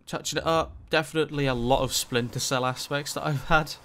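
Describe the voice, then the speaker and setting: A man's voice: on the high side, steady tone, brisk, a bit bright. A man giving casual gameplay commentary, rambling with lots of ums and likes and some swearing. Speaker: gaming channel host.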